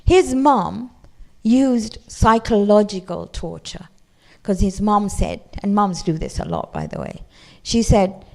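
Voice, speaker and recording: A middle-aged woman teaching a Qur'an study class, explaining verses with animated storytelling and acted quotes. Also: medium pitch, takes it slowly, gravelly. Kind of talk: lecture to a class.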